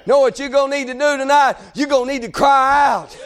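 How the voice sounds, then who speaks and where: Male preacher, very high pitch, fervent shouting revival delivery. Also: steady tone, a faint crowd. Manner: fervent, shouting, drawn-out phrases. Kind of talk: revival sermon.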